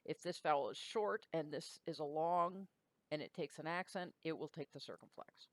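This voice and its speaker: A middle-aged woman teaching a lecture, explaining rules patiently in a relaxed way and checking in with her students. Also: low voice, normal speed, no room sound. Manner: explanatory, relaxed, uses fillers and checks in with the listener. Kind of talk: classroom lecture.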